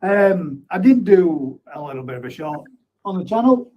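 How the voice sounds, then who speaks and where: A man's voice: sits high, sing-song, normal speed, muffled recording. A man hosting a casual live stream, reading out viewer comments in a laddish, chatty way while getting over an illness. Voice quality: chatty and laddish, calls people mate and bud. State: recovering from illness. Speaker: host of a live pond chat stream. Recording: faint background noise.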